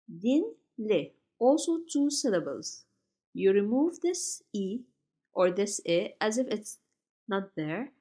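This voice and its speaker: Slow, careful woman teaching Turkish. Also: a little high, mellow. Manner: slow, careful, spells out each Turkish word. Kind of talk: slide-based grammar lesson.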